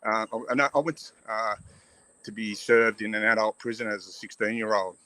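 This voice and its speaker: A middle-aged Australian man from western Sydney giving frank, halting personal testimony as a guest on a video call. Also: on the low side, steady tone, pushed and bright, no echo, low-quality recording. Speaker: guest, abuse survivor advocate. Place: outdoor shed on a hill.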